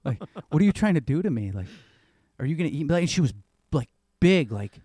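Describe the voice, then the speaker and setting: A man's voice: a little high, very animated, fast talker, dark tone, dry recording, studio quality. A man telling loose, rambling stories in casual chat, swearing now and then.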